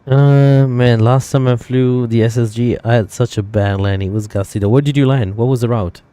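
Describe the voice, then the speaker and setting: A man's voice: mid-range voice, steady tone, normal speed, mellow, smooth, no echo. A man streaming a flight simulator, thinking aloud in casual chat with viewers and rambling with fillers and self-corrections.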